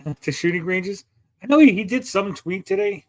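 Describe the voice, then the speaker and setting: Male livestream host, high voice, profane ranter. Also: animated, moderate pace. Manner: profane, ranting, mocking. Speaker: podcast host. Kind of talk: casual livestream chat.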